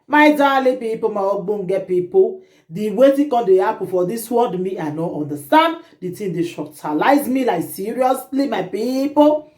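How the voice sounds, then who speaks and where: A woman vlogger with a Nigerian Pidgin accent, telling a gossip story to her viewers in an animated, indignant way. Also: medium pitch, normal speed. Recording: roomy echo.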